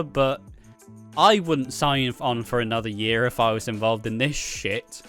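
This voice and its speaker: Bright-sounding guy chatting bluntly, swears a lot, faint music behind. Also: mid-range voice. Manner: blunt, sweary, quick mimicry. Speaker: podcast co-host. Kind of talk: casual chat.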